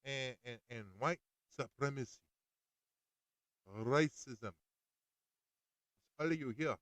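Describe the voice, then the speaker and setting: A man hosting a podcast, ranting in an animated, exasperated way while recording outdoors. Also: mid-range voice, takes it slowly, long pauses, no echo. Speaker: podcast host. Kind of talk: casual ranting monologue.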